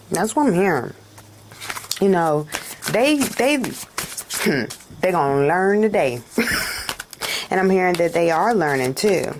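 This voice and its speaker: Gravelly-voiced female card reader, chatty and dramatic, laughs a lot. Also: lowish voice, slight background noise. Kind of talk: casual spiritual reading to camera.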